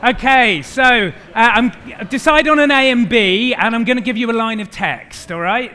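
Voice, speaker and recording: A man in his thirties giving a lively, engaging conference keynote on a stage mic, speaking to a large hall. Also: very high-pitched, moderate pace. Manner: lively, engaging, directs the audience.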